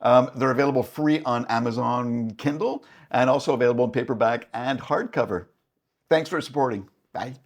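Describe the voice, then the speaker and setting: A man's voice: medium pitch, fairly quick. A man from Canada hosting a casual reaction video, friendly, with self-deprecating asides.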